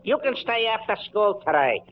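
A comedian playing an exasperated schoolteacher in an old radio comedy sketch, scolding briskly. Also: male voice, sits high, big pitch swings, distant mic, dull audio. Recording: hissy old radio from off-mic.

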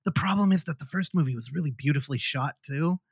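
A man co-hosting a podcast, chatting casually about horror films, animated and swearing freely. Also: on the high side, fast talker, creaky, husky, no echo, studio quality. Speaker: podcast co-host.

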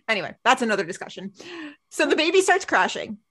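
A woman co-hosting a podcast chats animatedly while recapping a TV episode, acting out the characters' lines. Her voice is on the high side, sing-song and a bit bright, and she talks fast.

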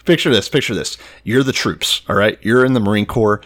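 A man's voice: lowish voice, fairly quick. A man in casual chat, retelling Bible stories with profanity and acting out the characters' lines. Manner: animated, acts out quoted characters with profanity. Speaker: podcast co-host.

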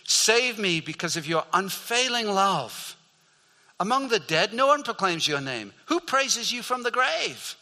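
Older male pastor, earnest sermon delivery, lightly raised pitch, hall reverb. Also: very animated, a little slow, pushed and bright. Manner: earnest, repeats key phrases for emphasis. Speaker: preacher.

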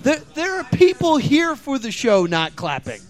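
A man's voice: very high voice, huge pitch swings, moderate pace, loud music behind the voice. A man hosting a live comedy podcast, joking and laughing often. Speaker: podcast host. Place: live at a mall venue.

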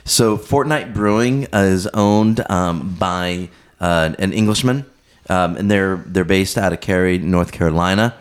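Brief: deep-ish male beer insider, halting and explanatory. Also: smooth. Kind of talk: casual beer-tasting chat. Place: bar with a small live audience.

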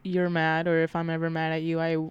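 A woman guest on a podcast in casual chat, calm and laid-back with short, dry replies. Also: sits low, brisk, smooth, dull audio.

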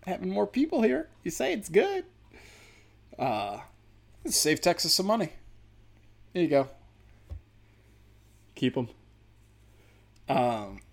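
A man's voice: on the high side, vocal fry. A man hosting a casual comedic rant, profane, rambling and darkly sarcastic.

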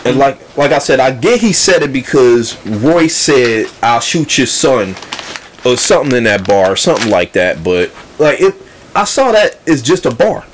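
A man in loose podcast conversation, his pitch rising and falling a lot as he talks. He rambles, restarts his sentences and stacks up fillers. A faint hum of room ambience sits behind him. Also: very animated, normal speed, low-quality recording. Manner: acts out quoted lines with a raised voice. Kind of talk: casual hip-hop discussion.

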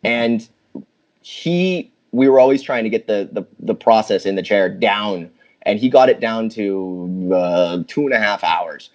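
A man, a film director, talking in a rambling, halting way with many restarts. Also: on the low side, animated, darkish tone, lo-fi sound. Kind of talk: casual conversation.

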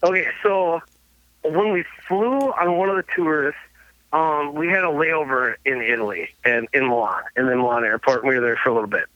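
A man's voice: a little high, brisk, dry recording. Laughing man telling road stories. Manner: laughing, swearing, animated anecdotes. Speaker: guest musician. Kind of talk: casual storytelling. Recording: dull lo-fi sound, dry.

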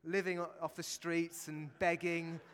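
A man's voice: a little high, flat delivery, unhurried, fairly bright tone, clean tone. A man preaching a sermon in a church, chatty and jokey, with asides to the congregation. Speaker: pastor. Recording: long church reverb.

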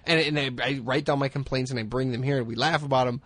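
A man's voice: medium pitch, fairly even intonation, quick pace, fairly bright tone, no room sound. Rambling, self-mocking man, dry close mic. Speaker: podcast co-host. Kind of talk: casual comedic chat.

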